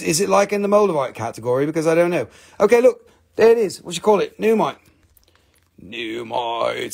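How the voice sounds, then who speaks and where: A man's voice: a little high, creaky. A man hosting a casual live stream selling rocks and minerals, rambling and joking with plenty of swearing. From Appalachian Valley, USA. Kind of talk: casual live sales chat.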